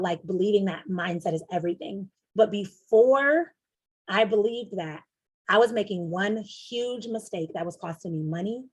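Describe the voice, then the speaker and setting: A young adult woman coach giving a casual, animated teaching talk, acting out little inner voices as she explains. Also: fairly low pitch, husky. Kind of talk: teaching presentation.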